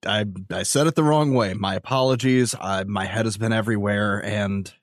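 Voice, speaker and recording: A man voicing his character in a tabletop game, formal and polite, with small hesitations. His voice is low and recorded dry and close. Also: fairly even intonation, normal speed, dry recording. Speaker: player.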